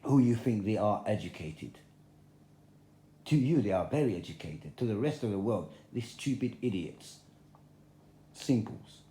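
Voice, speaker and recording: List: man, mellow voice, blunt confrontational rant, repeats himself, roomy echo. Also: lowish voice, animated, a little slow, pauses often, a little hiss or hum. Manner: confrontational, repetitive, plain-spoken. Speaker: video blogger. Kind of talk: direct-to-camera religious rant.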